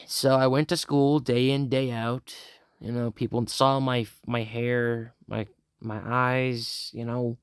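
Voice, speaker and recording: A man's voice: mid-range voice, clean tone, dry recording, studio quality. A young man casually telling a first-person fan story, rambling with many restarts, sighs and laughs.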